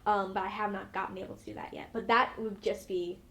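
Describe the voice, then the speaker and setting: A woman's voice: medium pitch, fairly even intonation, fast talker, a bit bright, slight background noise. A young woman, an actress, chatting in an interview with a bubbly, rambling manner full of fillers. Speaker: actress guest. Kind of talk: casual interview.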